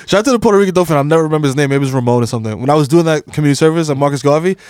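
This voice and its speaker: A man, co-hosting a podcast, throwing in quick profane reactions and stories. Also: on the high side, animated, darkish tone, clean tone, dry recording, clean studio sound. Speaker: podcast co-host. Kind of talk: casual comedic banter.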